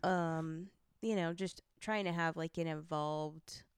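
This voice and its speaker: A woman's voice: low-pitched, steady tone, takes it slowly, clean tone, no echo, clean studio sound. A woman talking casually and thoughtfully about parenting, a bit hesitant. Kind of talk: casual chat.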